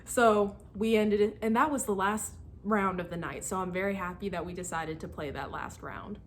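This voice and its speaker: A woman in her twenties telling stories in a casual vlog, animated and laughing as she acts out her friends' lines. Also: mid-range voice, normal speed. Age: 20s. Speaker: student vlogger.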